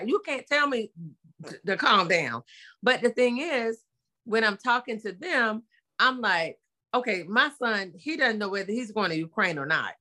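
A middle-aged mother talking casually and bluntly, telling animated stories about her sons with plenty of slang. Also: mid-range voice. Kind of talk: casual chat.

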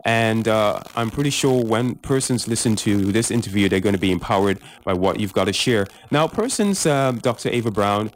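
A man's voice: on the low side, lively intonation. Enthusiastic man hosting a radio show. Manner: enthusiastic, drawn-out emphasis, fillers. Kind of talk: radio interview.

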